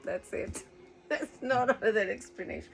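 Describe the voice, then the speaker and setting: A woman's voice: on the high side, moderate pace, gravelly, soft background music, poor audio. A woman from Rica, telling a rambling story casually, laughing often and swearing freely. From Costa Rica. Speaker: cruise ship worker.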